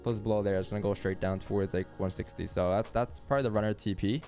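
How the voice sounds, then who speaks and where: A man's voice: fairly low pitch, steady tone, fast talker, a little mellow, soft background music. A young man hosting a live trading stream, talking loosely and repeating himself as he walks through charts. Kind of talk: casual live-stream commentary.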